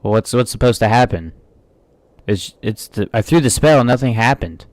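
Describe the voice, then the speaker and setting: A man's voice: medium pitch, animated, normal speed, no echo. A man in casual let's-play commentary, joking, swearing and muttering reactions on a close microphone. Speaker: gaming streamer.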